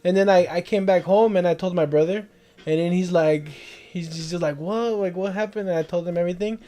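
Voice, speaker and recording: A man's voice: sits high, fairly even intonation, fairly quick, warm tone. A young man casually telling a long, rambling story to friends, laughing as he goes.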